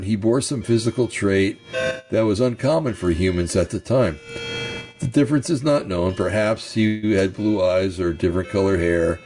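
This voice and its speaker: A man teaching from ancient texts, reading passages slowly and breaking off for casual comments and throat-clearing. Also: fairly low pitch, a little mellow, a little hiss or hum. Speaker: bible teacher. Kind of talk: reading scripture and commentary, informal asides.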